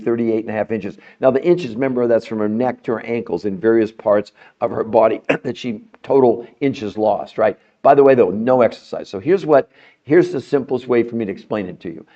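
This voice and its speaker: With a medium-pitched voice over dull audio, a middle-aged man runs a health podcast. His talk to viewers is promotional and persuasive, emphatic from the start and gaining animation as it goes.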